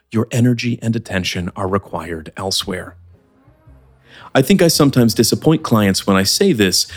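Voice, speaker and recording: A man teaching English as the host of a scripted podcast lesson, speaking in a clear, measured, explanatory way. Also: fairly low pitch.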